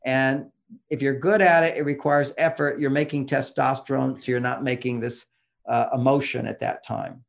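A man's voice: mid-range voice, flat delivery, moderate pace, creaky. A man explaining relationship advice in an interview, emphatic and teacherly, pushing his voice up on key points.

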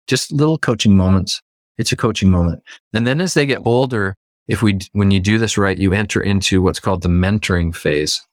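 Low-voiced man explaining parenting phases. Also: no echo, clean studio sound. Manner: explanatory, acts out quoted dialogue. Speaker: life coach guest; football coach. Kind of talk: podcast interview.

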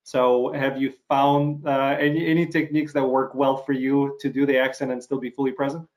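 A man whose first language is Russian, an actor interviewing a guest in a measured way with many fillers. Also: mid-range voice, level tone, a little mellow. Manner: measured, uses many fillers while forming questions. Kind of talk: interview conversation.

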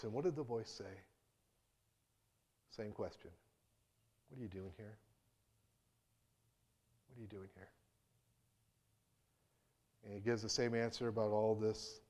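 Speaking on the low side, this preacher delivers his sermon like a conversation. He acts out quotations and restarts his thoughts, moving from quiet moments to forceful ones.

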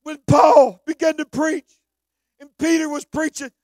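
A man preaching a sermon, shouting fervently at times and dropping to hushed storytelling. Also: extremely high pitch, level tone, measured pace, dry recording.

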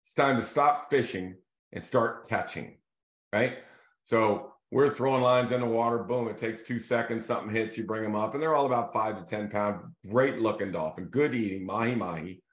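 A man hosting a casual video series, telling a fishing story in a loose, animated way and acting out the voices of the people in it. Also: on the low side, normal speed. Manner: animated storyteller who acts out quoted voices. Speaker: real estate team leader hosting a video series. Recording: echoey room.

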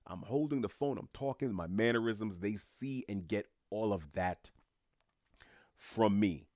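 Low-voiced man hosting a talk podcast. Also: a little slow, a little mellow, no echo, clean studio sound. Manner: earnest, repeats words when restarting. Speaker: podcast host. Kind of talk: casual monologue.

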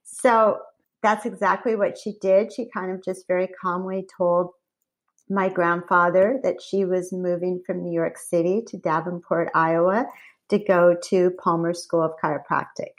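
A middle-aged woman, a company founder and guest, telling family stories in an animated, conversational way. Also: lowish voice, normal speed. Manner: lively, animated storyteller with laughs. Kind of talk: conversational storytelling.

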